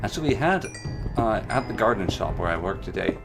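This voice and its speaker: A man's voice: on the low side, animated, brisk. A man chatting playfully through a gameplay stream, rambling with jokey asides. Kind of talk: casual gameplay commentary. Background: background music and keyboard typing.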